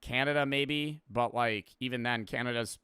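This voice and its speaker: A man's voice: mid-range voice, moderate pace, bright, forceful tone, clean tone, no echo, clean studio sound. A young man streaming, chatting casually in a rambling, profane, offhand way while reacting to a video.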